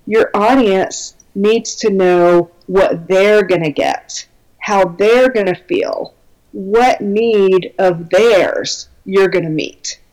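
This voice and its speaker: A woman guest who teaches belly dance, talking in a chatty, enthusiastic way. Her voice sits at an ordinary middle pitch, and she fills her sentences with "um" and "you know". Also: slow, a little mellow, low-quality recording. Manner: chatty, enthusiastic, many fillers. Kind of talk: casual podcast conversation.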